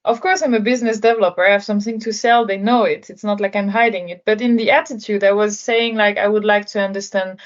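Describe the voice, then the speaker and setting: A French woman, a sales executive guesting on a podcast, reflects on her work experience in a conversational interview. Her mid-range voice keeps a steady tone and a quick pace with few pauses, though she hesitates and uses fillers often while thinking things through. The recording sounds muffled.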